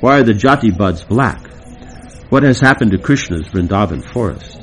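A man's voice: lowish voice, expressive, moderate pace, a bit bright, slight background noise, rough recording. A man reading aloud the part of a lovesick young woman in a devotional play, lamenting.

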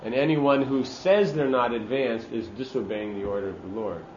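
A man's voice: medium pitch, moderate pace, darkish tone, reverberant, dull audio, slight background noise. A man giving a sermon-style scripture class, earnest and emphatic, using Sanskrit terms.

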